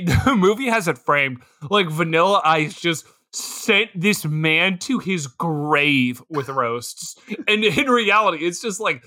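A man's voice: sits high, pushed and bright, dry recording, studio quality. A man co-hosting a podcast in casual comedic chat, laughing often and swearing freely. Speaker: podcast co-host.

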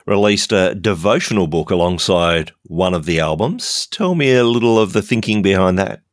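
A male interviewer with a fairly low voice poses short, inviting questions. The sound is dry and close, with no room echo. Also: expressive, moderate pace. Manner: brief, inviting prompts.

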